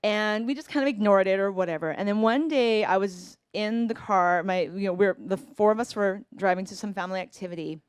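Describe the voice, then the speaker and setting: A woman's voice: mid-range voice, a little fast, few pauses, clean tone, no room sound, clean studio sound. A woman in her forties telling a personal family story, earnest and reflective, acting out bits of dialogue.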